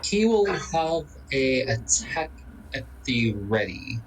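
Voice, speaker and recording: Brief: man, tabletop player, slow and deliberate, a bit halting. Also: medium pitch, big pitch swings, slight background noise, rough recording. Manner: unhurried, stumbling over words. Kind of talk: playing a tabletop game.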